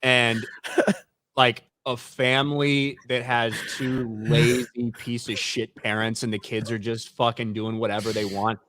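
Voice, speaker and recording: A man's voice: mid-range voice, little pitch movement, unhurried, a bit bright. A man co-hosting a live stream, blunt and swearing freely in casual chat. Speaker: co-host reading donations.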